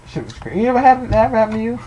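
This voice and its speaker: A man's voice: sits high, big pitch swings, racing, highs cut off. A young man telling rambling, profane funny stories in a casual way, laughing along as he goes. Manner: rambling, swearing, laughing at his own stories. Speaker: storyteller. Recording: faint background noise.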